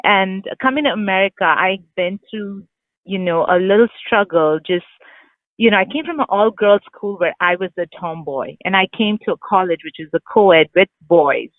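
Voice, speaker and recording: A woman's voice: mid-range voice, normal speed, no echo. A woman from India with an Indian English accent with British touches, a guest author chatting candidly in an interview, full of fillers and restarts. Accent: Indian English with British influence. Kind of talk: casual interview chat. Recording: dry phone-line sound.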